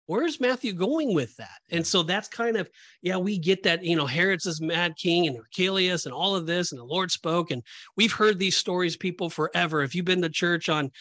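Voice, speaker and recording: A man co-hosting a Christian podcast, explaining Bible passages in an emphatic, animated, conversational way. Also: sits high, moderate pace, no echo. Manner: animated, emphatic, acts out reactions. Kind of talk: casual Bible teaching discussion.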